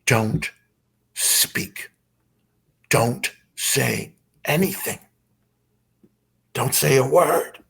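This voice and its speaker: A man voicing a protective tall gray alien who murmurs quiet, urgent instructions. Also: mid-range voice, drawn-out words, creaky, pauses often, husky, full character voice. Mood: hushed. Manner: hushed and urgent.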